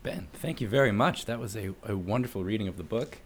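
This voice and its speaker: Guy hosting a podcast, jokey n kinda halting, thanking his guest. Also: lowish voice, lively intonation, slightly rough. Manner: hesitant, joking, with restarts. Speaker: podcast host. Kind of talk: casual chat.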